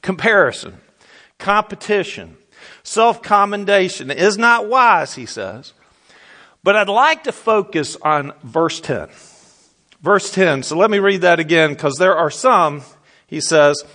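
A man preaching a sermon as a pastor, conversational and folksy, slowing down to stress key words. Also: high voice, animated, sharp tone. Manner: conversational, folksy, slows down for emphasis.

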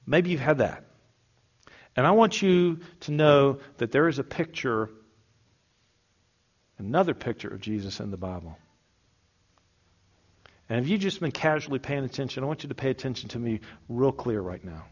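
Humorous preacher, lo-fi recording. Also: male voice, mid-range voice, animated. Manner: conversational and humorous, with emphatic slow stresses. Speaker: pastor. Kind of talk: sermon. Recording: dull lo-fi sound.

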